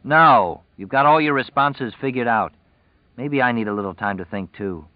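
A man's voice: mid-range voice, moderate pace, dry recording, dull audio, pitched above the performer's own voice, natural voice. A man voicing a frustrated, defensive young man who pleads and snaps by turns. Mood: pleading. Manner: pleading and exasperated.

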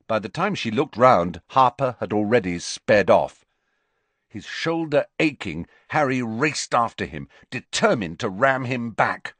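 Animated male audiobook narrator. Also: mid-range voice, measured pace, dry recording. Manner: animated, dramatic reading. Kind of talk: scripted narration.

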